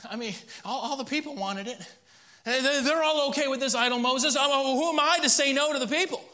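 A man preaching who voices a biblical man making defensive, whiny excuses to his brother, pitched up high. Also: a little fast, pushed and bright. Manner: whiny, defensive, brushing off blame.

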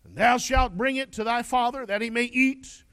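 Guy reading out a pushy old-testament mom, high voice, dry sound. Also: steady tone, moderate pace, bright, forceful tone, clear, resonant tone, no room sound. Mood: urging. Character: mother scheming for her younger son.

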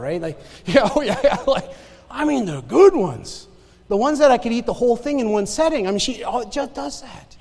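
A man preaching a sermon in a church, telling stories in a conversational way with many restarts. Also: very high-pitched. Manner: conversational preaching, storytelling with laughs and repeated restarts. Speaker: pastor. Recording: church sanctuary with long reverb.

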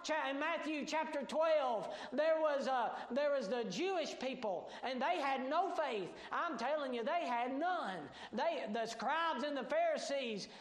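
Male pastor, plain-spoken sermon, emphatic, roomy echo. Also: extremely high pitch. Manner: emphatic, swinging between shouts and hushed tones.

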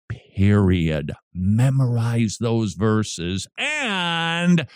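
Radio preacher-host, male, lively swooping delivery, dry studio mic, emphatic and rising to near shouts. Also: fairly low pitch, no echo. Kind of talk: animated Christian radio preaching.

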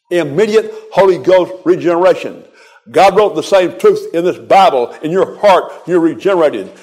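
An older man preaching a folksy, exhorting sermon, quoting scripture in a rhythmic cadence. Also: a little high.

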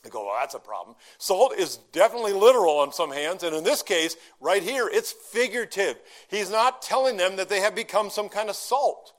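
A middle-aged pastor with a high voice delivers a sermon in a relaxed, conversational teaching style. He puts questions to the congregation and draws out key phrases slowly for emphasis. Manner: slows down to stress key phrases.

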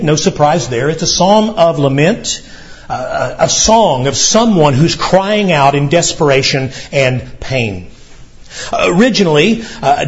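A man's voice: on the high side, muffled recording. A man preaching a sermon as pastor, earnestly explaining and reading scripture aloud to his congregation.

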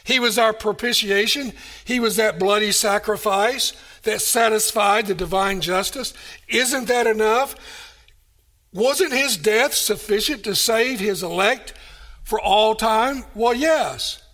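A man's voice: high-pitched, unhurried, fairly bright tone. A man preaching a sermon, emphatic and full of rhetorical questions. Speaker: pastor.

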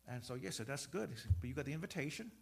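A middle-aged pastor preaches a sermon, telling stories and acting out dialogue before building to emphatic points. His mid-range voice is expressive, gravelly, and very fast.

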